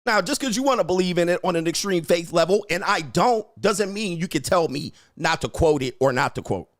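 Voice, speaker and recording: A man's voice: high voice, animated, a little fast. A male livestream host giving brash, profane, combative commentary and laughing often. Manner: frequent laughter.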